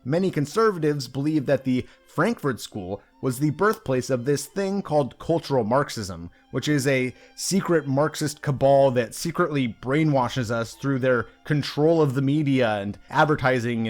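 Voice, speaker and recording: Sarcastic young male book reviewer. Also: mid-range voice. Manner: sarcastic and mocking. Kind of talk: casual commentary video.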